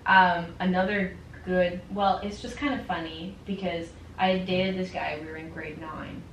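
A young woman chatting casually and telling animated stories, with constant "like" fillers. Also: lowish voice, a little slow, lo-fi sound. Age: young adult. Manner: animated storyteller, full of "like". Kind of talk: casual chat. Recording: roomy, distant mic, faint noise.

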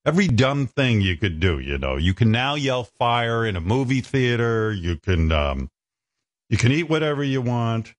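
Male talk-radio host, fairly deep and very animated delivery, sarcastic and profane, dry close-miked studio sound. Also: moderate pace, no room sound. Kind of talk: casual talk radio banter.

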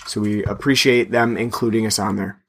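A man's voice: lowish voice, steady tone, brisk, background noise. A man co-hosting a podcast, talking casually in a chatty, meandering way. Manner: chatty and meandering, plugs the show. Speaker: podcast co-host.

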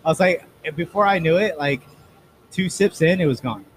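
A man co-hosting a podcast, telling a story in an animated, casual way. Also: on the high side, moderate pace, slight background noise, low-quality recording. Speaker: podcast co-host.

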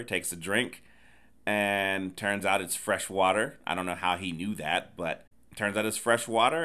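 A man co-hosting a casual movie review podcast, retelling scenes in an animated way and putting on voices for the characters. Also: on the low side, clean tone. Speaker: podcast co-host, the father.

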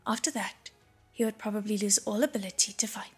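A woman narrating an audiobook in a breathy, hushed reading voice. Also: medium pitch, brisk, soft background music.

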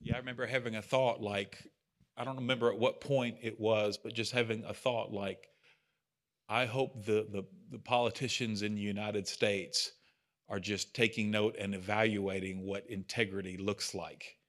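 Earnest low-voiced man leading a study. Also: flat delivery, moderate pace, a bit bright. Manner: conversational, self-deprecating, earnest. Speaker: bible study leader. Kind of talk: casual teaching talk.

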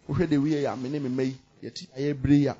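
A man preaching a sermon with passion, repeating phrases and swinging from loud bursts to quiet murmurs. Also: medium pitch, steady tone, fairly quick, dull audio. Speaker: pastor.

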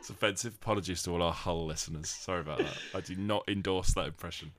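A man's voice: low voice, fast talker. A man co-hosting a comedy podcast, dry and sweary with mock apologies. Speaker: podcast co-host and quiz contestant. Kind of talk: casual comedic podcast chat.

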